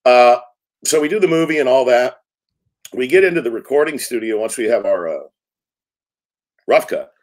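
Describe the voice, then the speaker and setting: A man in his sixties, a film director, telling lively anecdotes in an interview and acting out quotes. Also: medium pitch, moderate pace, long pauses. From United States. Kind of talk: storytelling interview talk.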